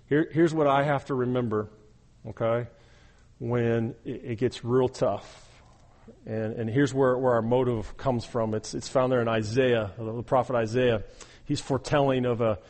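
A man's voice: mid-range voice, a little mellow, in a large hall. A man preaching a sermon as a pastor, talking earnestly, often restarting sentences and checking in with "okay" and "all right". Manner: earnest, repeats words when starting sentences, frequent okay and all right.

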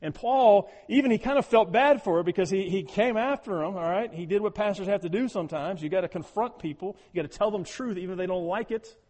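In a church hall with long reverb, a male pastor with a voice high for a man preaches a sermon fast, with hardly any pauses. He's emphatic, hammering his points and repeating words, swinging from loud urging to hushed, prayerful tones.

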